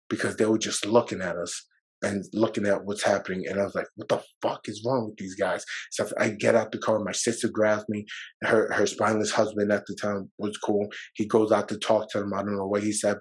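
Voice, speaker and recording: A man's voice: lowish voice, level tone, brisk, slightly rough, poor audio. A man guest on a podcast, telling a personal story in a loose, rambling way, with fillers and swearing, emotional and at times near tears.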